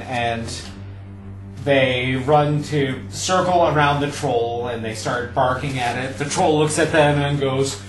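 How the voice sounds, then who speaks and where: A game master narrating a tabletop game in an unhurried, descriptive way. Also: medium pitch, roomy sound. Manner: unhurried, descriptive, with fillers like "kind of".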